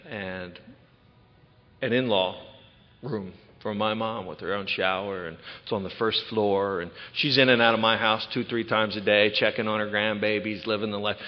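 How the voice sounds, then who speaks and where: Man, 30s, recovery speaker; frank storytelling, dull lo-fi hall recording. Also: lowish voice. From Ocean City, Maryland. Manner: candid, conversational storytelling. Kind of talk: personal testimony talk. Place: large event hall. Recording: echoey hall, dull lo-fi sound.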